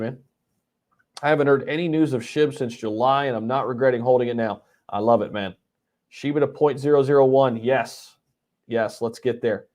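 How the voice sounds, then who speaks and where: A man's voice: medium pitch, a little mellow. Hyped man hosting a crypto livestream. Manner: hyped, repeats himself, frequent ums and laughs. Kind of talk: excited livestream chat, reading viewer comments.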